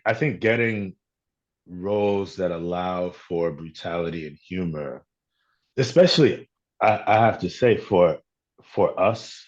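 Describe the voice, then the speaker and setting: A man with a low voice chats as an interview guest. He is playful, laughs often and restarts his phrases. The sound is muffled and lo-fi, like a video call. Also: a little mellow. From Chicago. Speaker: actor guest. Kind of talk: interview conversation.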